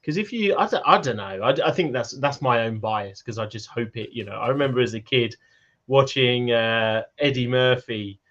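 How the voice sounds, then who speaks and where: Animated British man, lo-fi sound. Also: mid-range voice, normal speed. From Britain. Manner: animated, laughing, mock voices. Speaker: podcast co-host. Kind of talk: casual chat.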